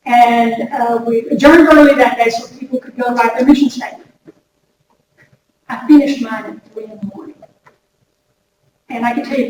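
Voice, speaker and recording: A woman giving a lively workshop talk to an audience, chatty and direct, often repeating her words. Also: a little high, moderate pace. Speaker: workshop speaker. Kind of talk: lively workplace wellness talk. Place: large room before an audience. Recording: echoey hall recorded from far off with noise.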